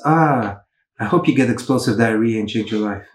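A man's voice: medium pitch, lively intonation, normal speed, background noise. A young man hosting a casual motivational talk, earnest and rambling, often poking fun at himself. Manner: rambling, earnest, self-mocking. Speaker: host. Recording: roomy echo.

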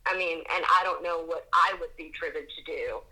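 A woman's voice: low-pitched, moderate pace, bright, forceful tone, husky, low-quality recording. A woman co-hosting a podcast in casual chat, speaking in a reflective, thoughtful way. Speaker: podcast co-host.

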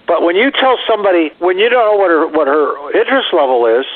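A man's voice: high voice, lively intonation, fast talker. A man giving blunt dating advice on the radio, wisecracking and acting out bits of dialogue. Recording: tinny phone line.

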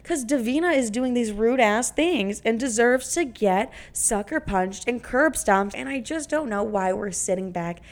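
Brash, creaky-voiced young woman podcaster. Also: a little high, animated, unhurried, hardly any pauses. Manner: brash, profane, dramatic. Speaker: podcast host. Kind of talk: casual podcast monologue.

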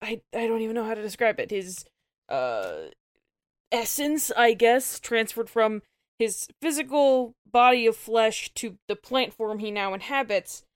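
A woman's voice: a little high, sing-song, measured pace, clear, resonant tone, no room sound, studio quality. A woman playing her character in a tabletop role-playing game, speaking formally while searching for words. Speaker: player.

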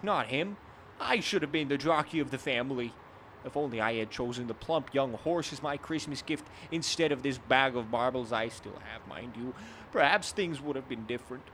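A man's voice: medium pitch, animated, normal speed, a bit bright, a little hiss or hum, rough recording. A man voicing a meek young gas-station attendant who resents his brother, in a comedy audio drama. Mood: bitter. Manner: meek and weary, turning bitter.

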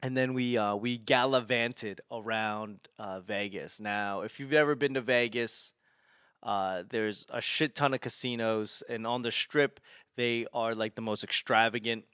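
A man tells a story in a loose, rambling way, laughing and cursing as he goes. His voice sits in a middle pitch, and the recording is close and dry with no room echo. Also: fairly even intonation, measured pace, a bit bright, clear, resonant tone. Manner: rambling, laughing, with frequent swearing and restarts. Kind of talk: casual storytelling.

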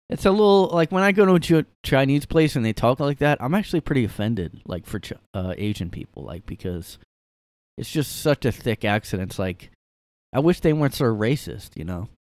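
A man's voice: medium pitch, animated, moderate pace, darkish tone, dry recording. A young man hosting a casual solo podcast from his room, rambling and sarcastic with lots of fillers. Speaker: podcast host.

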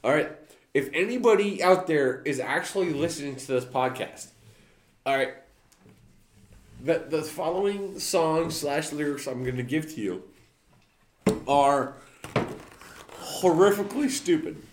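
A man's voice: fairly high pitch, expressive, a little slow, pauses often. A man hosting a casual, crude, joking podcast. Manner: crude, joking, often laughing. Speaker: podcast host. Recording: echoey room, faint noise.

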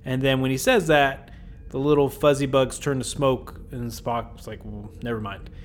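A man's voice: mid-range voice, fairly even intonation, moderate pace, a little hiss or hum. Chatty man recapping with a laugh. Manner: chatty, laughing, puts on silly character voices. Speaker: podcast host. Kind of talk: casual episode recap.

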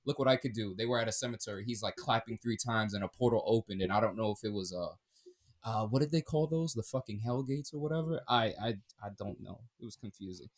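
A man co-hosting a casual podcast, talking in an animated, profane way that swings between loud bursts and mumbled asides. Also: lowish voice, fast talker. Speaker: podcast co-host.

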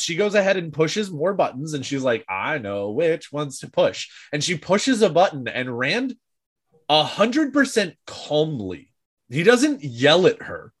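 A man co-hosting a casual podcast discussion, animated and often laughing, acting out quoted lines. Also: a little high. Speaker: podcast co-host.

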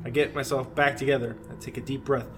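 A man's voice: medium pitch, little pitch movement, quick pace, music in the background. Man reading a creepy story aloud, laughing. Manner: laughs through the reading, breaks off to joke. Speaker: podcast co-host.

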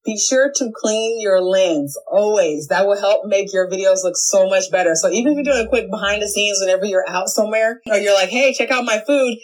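A young adult woman talks straight into her phone camera from a home office, giving casual tips in a chatty, animated way. She jumps between quick asides and little playful voices, keeping it loose and friendly. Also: mid-range voice, poor audio. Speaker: social media video coach.

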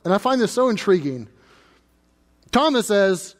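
A man's voice: high voice, expressive, moderate pace, long pauses, in a large hall. A man preaching a sermon as pastor, conversational and emphatic, repeating phrases for stress.

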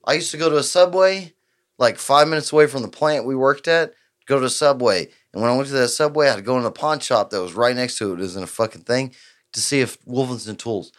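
A man spins a profane, animated story on a podcast. He talks at an ordinary pitch and voices the people in his tale as he goes. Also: fast. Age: 20s. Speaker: podcast host. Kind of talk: casual storytelling chat.

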